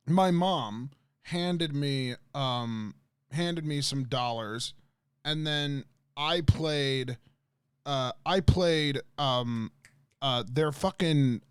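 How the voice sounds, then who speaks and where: A man's voice: fairly high pitch, smooth, no room sound, studio quality. A man livestreaming, telling a rambling story to his chat with lots of swearing, fillers and restarts.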